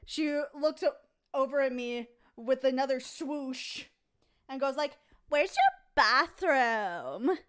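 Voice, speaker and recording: A woman's voice: sits high, steady tone, measured pace, a little mellow. A woman casually telling a rambling, profane anecdote on a live stream. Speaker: comic artist streaming.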